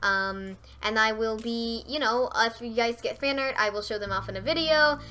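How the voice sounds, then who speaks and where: A young woman streaming a fishing game live, chatting straight to her viewers and breaking into squeals and shouts when she gets excited. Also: on the high side, moderate pace. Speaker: gaming streamer.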